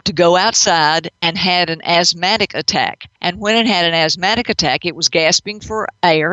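A woman's voice: lowish voice, no room sound, lo-fi sound. Chatty woman pet psychic on radio. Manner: animated, chatty, matter-of-fact. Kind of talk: radio storytelling.

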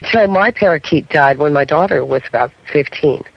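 A creaky voice on the high side belongs to a middle-aged paranormal investigator guesting on a radio talk show, telling stories at normal speed and often checking in with "okay?". There's no echo, but the broadcast is muffled and dull lo-fi.

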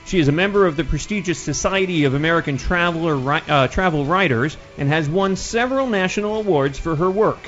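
A man's voice: a little high, fairly quick, few pauses, a bit bright, soft background music. A man hosting a radio interview, chatting in a friendly, conversational way. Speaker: radio show host. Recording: lo-fi radio studio sound.

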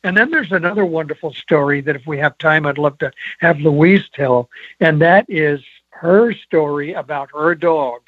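A man's voice: a little high, moderate pace, dry recording. Man on a thin phone-like line. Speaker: co-author and guest. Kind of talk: casual interview talk.

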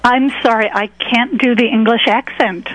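A woman's voice: a little high, steady tone, normal speed, fairly bright tone, a little hiss or hum. A woman calling in as a radio guest, friendly and a bit flustered. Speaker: guest caller. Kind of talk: phone-in interview. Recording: muffled phone line.

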